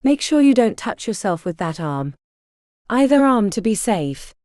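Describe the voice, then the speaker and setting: A woman's voice: medium pitch, big pitch swings, measured pace, darkish tone, no room sound. A woman voicing a blunt young female healer who gives curt, dry instructions.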